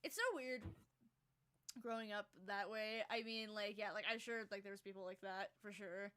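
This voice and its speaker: A woman's voice: mid-range voice, fairly even intonation, normal speed, pushed and bright, clear, resonant tone. A woman hosting a podcast in casual chat, rambling with lots of fillers and giggling often. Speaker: podcast host.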